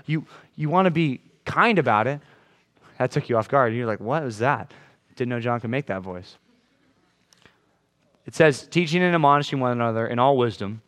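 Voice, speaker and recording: A man's voice: mid-range voice, a bit bright. A man preaching a sermon to a congregation in a room, talking conversationally, checking in with "right?" and acting out quoted lines in changed voices. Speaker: pastor.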